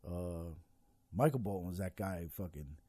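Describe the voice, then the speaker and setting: A man's voice: low-pitched, animated, normal speed, dark tone, husky, dry recording. A man ranting casually about politics as a podcast host, swearing constantly and rambling with many fillers.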